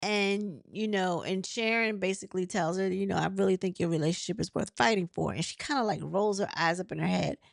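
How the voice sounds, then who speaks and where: A woman recaps reality TV in a relaxed, conversational style, acting out the lines people said and laughing along. Her voice has a slightly gravelly, fried texture. The recording is close and dry, with no room sound. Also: on the low side, fairly quick, hardly any pauses, no echo. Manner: chatty, retells scenes with quoted dialogue, laughs often. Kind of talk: casual recap commentary.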